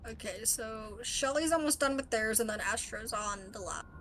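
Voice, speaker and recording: A woman playing a game with friends, giving quick callouts and playfully threatening teammates. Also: on the high side, fairly bright tone, slight background noise. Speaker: co-player. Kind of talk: casual gaming chat.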